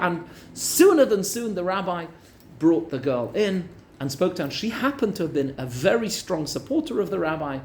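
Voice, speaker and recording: Rabbi telling a lively Torah story. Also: male voice, high voice, normal speed, slight background noise. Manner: lively storyteller with joking asides.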